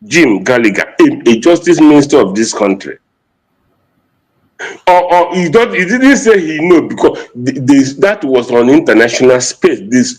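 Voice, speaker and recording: A man's voice: a little high, low-quality recording. A man with a Nigerian Igbo accent giving an impassioned political address, mixing English and Igbo and repeating phrases for emphasis.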